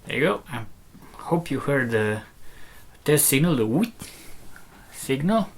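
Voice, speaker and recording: A man with a medium-pitched, expressive voice speaks at a measured pace over a slight hiss or hum. He's a loudspeaker maker giving a casual technical demo of a driver, explaining it step by step with a hesitant delivery full of fillers and restarts.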